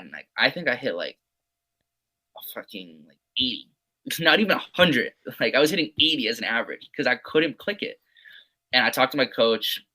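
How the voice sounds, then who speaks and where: A young man, a podcast guest, telling his sports stories in a loose, casual way. He swears freely, leans on "like" and "man," and drops low to mutter his quoted asides. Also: pushed and bright, low-quality recording. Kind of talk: casual storytelling.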